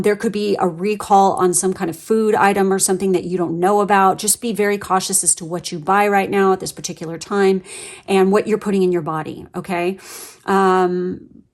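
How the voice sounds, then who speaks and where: Casting a woman tarot reader: casual, profane, rambling, full of fillers, with a middle-range voice. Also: mid-range voice. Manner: blunt, swears a lot, rambling with many fillers. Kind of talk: casual pick-a-card tarot reading.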